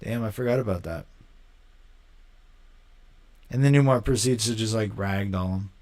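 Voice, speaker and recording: A young man hosting a casual live stream, talking in a slangy, rambling way and quick to mock. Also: on the low side, a little mellow. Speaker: livestream host.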